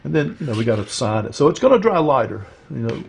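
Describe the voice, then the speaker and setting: A man teaching a watercolor painting demo, talking through his steps in a relaxed, rambling way with lots of fillers. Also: medium pitch, quick pace, gravelly, slight background noise. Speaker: art instructor. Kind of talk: casual painting demonstration.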